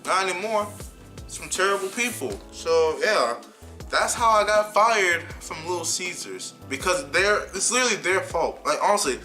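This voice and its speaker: A young man vlogger telling a heated, animated story about being fired, often repeating himself. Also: high-pitched, normal speed, faint music behind. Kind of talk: casual storytime rant.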